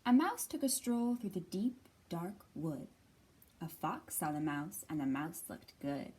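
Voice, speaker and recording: A woman librarian reading a picture book aloud to children, sing-song and expressive. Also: fairly low pitch, a little slow, husky.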